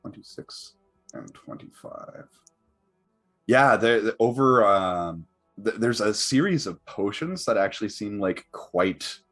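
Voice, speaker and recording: A man's voice: deep voice, a bit bright. A man narrating a tabletop game as game master, talking in a hesitant way with many fillers and restarts.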